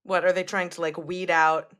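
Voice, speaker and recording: A woman's voice: on the low side, level tone, normal speed, a bit bright. A woman guesting on a podcast, teasing and playful in casual chat, laughing often.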